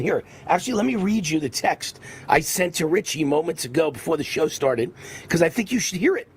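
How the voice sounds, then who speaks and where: A man hosting a political talk show, delivering an emphatic, repetitive monologue in a raspy voice. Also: high voice. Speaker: radio and TV host.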